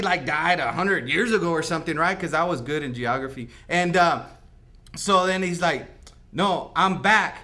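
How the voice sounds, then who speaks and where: A man's voice: on the high side, sharp tone. A man playing a laid-back night-shift janitor, telling his story in a rambling, slangy comic interview. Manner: rambling slangy talk, lots of "like" and "right?". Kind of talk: comic mock-news interview.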